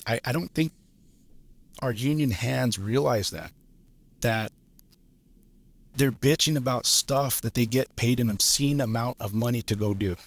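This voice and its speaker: A man around fifty, a journeyman lineman and podcast guest, telling stories in a blunt, profane, animated way. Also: medium pitch, unhurried, long pauses. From Los Angeles area. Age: 50s. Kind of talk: casual storytelling chat.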